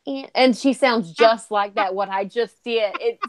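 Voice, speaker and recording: A woman's voice: on the high side, measured pace. A woman from North Carolina with a faded Southern accent, chatting and telling stories with lots of giggles. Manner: giggly, drawling storyteller. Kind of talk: casual chat.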